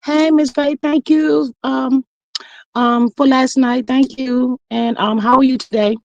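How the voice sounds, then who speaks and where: A woman's voice: sits high, steady tone, measured pace, gravelly, lo-fi sound. A woman hosting a casual live stream, chatty and saying "y'all" a lot. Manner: chatty, reads viewer comments aloud, says "y'all" often. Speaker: livestream host.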